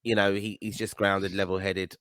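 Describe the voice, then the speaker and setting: A man's voice: low-pitched, level tone, normal speed, a bit bright, clear, resonant tone, no room sound. An Irish man co-hosting a podcast, chatting casually about football with emphatic, blunt opinions. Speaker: podcast co-host.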